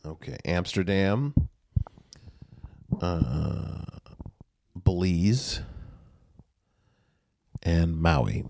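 A man's voice: deep voice, animated, extremely slow, gravelly, pauses often, darkish tone, slight background noise. A man who is a guest on a podcast, telling stories in a laid-back way and laughing easily. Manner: laid-back storyteller, laughs easily, acts out voices in anecdotes. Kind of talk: casual conversational interview.

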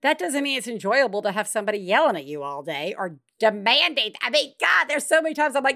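A woman's voice: a little high, big pitch swings, quick pace, gravelly, hardly any pauses, pushed and bright, no room sound, studio quality. A woman hosting a parenting podcast, talking candidly and bluntly, with easy laughter and swearing. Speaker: podcast host.

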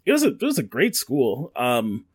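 With huge pitch swings and a slightly rough, mid-range voice, a male podcast co-host talks at a moderate pace. He's chatting casually, telling rambling stories riddled with fillers and restarts.

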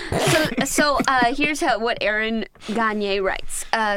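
A woman's voice: fairly high pitch, takes it slowly, fairly bright tone. A woman co-hosting a comedy call-in game podcast, teasing and laughing as she talks. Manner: giggly, wry and teasing. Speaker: podcast co-host running call-in games.

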